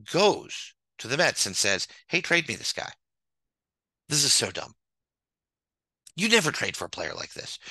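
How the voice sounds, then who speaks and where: A man's voice: mid-range voice, pushed and bright, no echo, rough recording. A man hosting a show, ranting with theatrical mock anger over slides and repeating his points for emphasis. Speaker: host.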